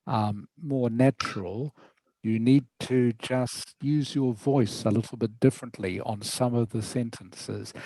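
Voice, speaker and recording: A man's voice: mid-range voice, steady tone, measured pace, mellow, no echo, rough recording. A man teaching English over a video call, patiently giving feedback and often checking that his student follows. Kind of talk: online lesson feedback.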